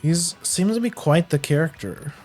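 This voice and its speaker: A man's voice: a little high, animated, normal speed, a little mellow, soft background music. A man live-streaming a game, making casual, slangy joking asides to his viewers.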